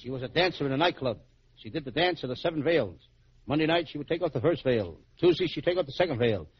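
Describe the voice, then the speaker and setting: A man performing 1940s radio comedy in an excitable, childlike, giggly way. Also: fairly high pitch, fast talker, husky. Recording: dull lo-fi old radio recording.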